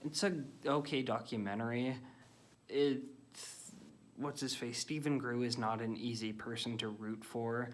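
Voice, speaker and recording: A man's voice: mid-range voice, steady tone, a little slow, a little hiss or hum. A man running through a long list of films in a casual vlog, giving blunt, rambling opinions full of fillers. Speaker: film reviewer.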